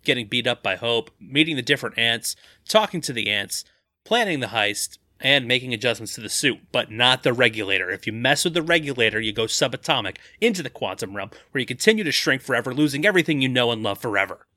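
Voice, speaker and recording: A man co-hosting a casual podcast, recapping the plot quickly and laughing often. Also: mid-range voice, lively intonation, bright, forceful tone, dry recording, clean studio sound.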